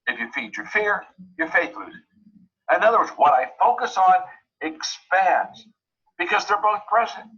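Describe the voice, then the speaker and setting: Emphatic husky motivational speaker. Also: male voice, high-pitched, pushed and bright, dull audio. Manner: emphatic, repeats key phrases. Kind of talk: motivational talk.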